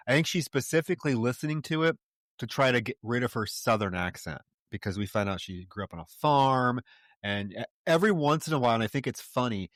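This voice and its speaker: A man's voice: fairly low pitch, dry recording, clean studio sound. A man co-hosting a movie podcast, casually and animatedly retelling scenes. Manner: animated retelling, slips into acted quotes. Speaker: podcast co-host. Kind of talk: casual movie review chat.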